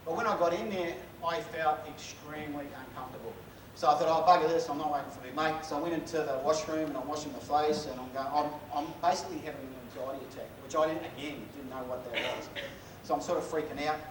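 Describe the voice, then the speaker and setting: A man's voice: fairly high pitch, fast talker. A middle-aged man with a New Zealand accent telling funny stories in a casual, joking keynote and bantering with the audience. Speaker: keynote speaker. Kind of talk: humorous keynote storytelling. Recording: echoey hall, far from mic, noisy.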